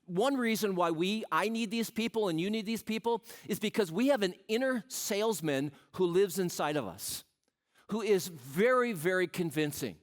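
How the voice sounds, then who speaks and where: High-voiced pastor preaching. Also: male voice, expressive, moderate pace. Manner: storytelling, humorous asides, asks the crowd questions. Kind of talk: sermon.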